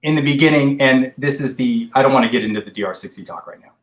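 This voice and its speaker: Casting: mid-pitched male investigator, rambling talker, roomy echo on the voice. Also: fast talker. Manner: rambling, explains with restarts. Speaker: paranormal investigator guest. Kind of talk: casual podcast discussion.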